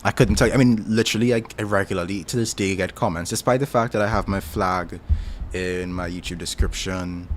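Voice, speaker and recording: A man's voice: sits low, a little fast, slight background noise. A Trinidadian man casually chatting with his stream audience, rambling and thinking aloud with lots of filler words. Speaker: streamer answering chat. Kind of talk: casual chat.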